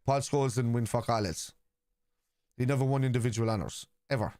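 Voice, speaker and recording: A man's voice: medium pitch, brisk, a little mellow. An Irish man hosting a live football watchalong stream, arguing point by point with viewers' comments in a combative way.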